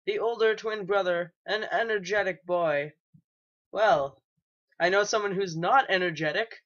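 A young man, possibly a teenager, gives casual let's play commentary as a gaming YouTuber, his voice high-pitched, unhurried and slightly bright. He rambles and hesitates, filling the talk with ums and restarts. The dull, lo-fi home mic captures it all.

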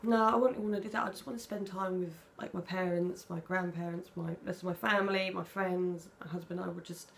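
A woman's voice: lowish voice, fairly even intonation, brisk, gravelly, few pauses, a little hiss or hum. A young British woman chatting casually in a vlog, reading out personal questions and answering them candidly. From Britain. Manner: chatty, candid, soft-spoken when emotional. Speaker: vlogger. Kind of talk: casual tag video, reading questions aloud.

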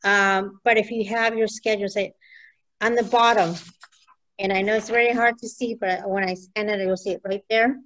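A woman's voice: mid-range voice, steady tone, normal speed, fairly bright tone, slight background noise, rough recording. Woman, real estate trainer, chatty, laughs often, casual class talk.

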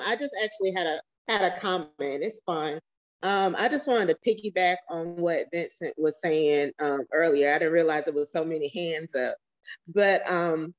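A woman sharing a personal testimony on a video call, telling it as a story with fillers and voices for the people in it. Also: on the low side. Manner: storytelling, acts out quoted voices, many fillers. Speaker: church member sharing a testimony. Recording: dull lo-fi call audio.

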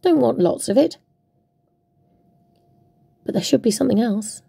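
A woman's voice: on the high side, animated, a little slow, vocal fry, warm tone, breathy edge, dry recording. A woman hosting a craft tutorial, chatting playfully and talking to herself as she works. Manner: chatty, playful, talks to herself while working. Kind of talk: casual crafting demonstration.

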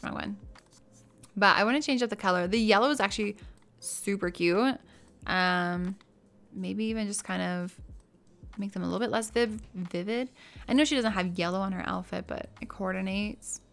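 A woman streamer talks casually while she plays, recorded on a desk microphone in her own room at home. Her voice sits at an everyday middle pitch for a woman. She gushes as she chats, sliding from soft murmured asides into bursts of excited squealing. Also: gravelly. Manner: gushing and chatty, drifting between soft asides and excited squeals. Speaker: game streamer. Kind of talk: casual live-stream chat while playing.

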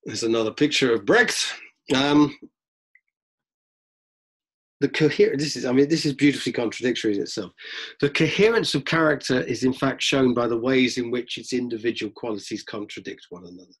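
A middle-aged man, a drama teacher, lecturing students in a lively way and acting out examples as he goes. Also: medium pitch, brisk, slightly rough. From London, England. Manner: lively, acts out examples, frequent restarts. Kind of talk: lecture-style talk to students.

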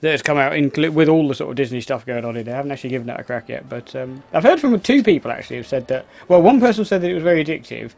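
A man's voice: medium pitch, lively intonation, rapid-fire, creaky, few pauses, a little mellow. A man giving rambling, casual let's-play commentary, exclaiming at the game and muttering asides. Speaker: gameplay commentator.

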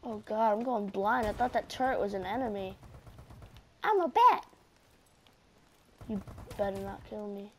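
A woman's voice: medium pitch, lively intonation, unhurried, long pauses, darkish tone, slight background noise. A woman giving live commentary while playing a shooter game, swearing often and exclaiming in frustration. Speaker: gaming channel host.

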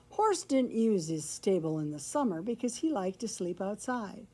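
A woman reading a picture book aloud to children as a library storyteller, pausing to explain words along the way. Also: mid-range voice, sing-song, warm tone, husky.

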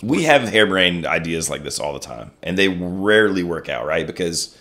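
A man's voice: low voice, very animated, normal speed, pushed and bright. A man who co-hosts a guitar shop chat. He explains things casually and fills his talk with many fillers.

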